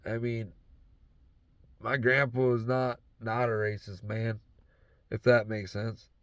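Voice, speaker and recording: A man's voice: medium pitch, flat delivery, slow, a bit bright, no room sound. A man in his truck talking in a loose, rambling monologue, swearing heavily and slipping into a half-faked Southern drawl. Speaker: vlogger.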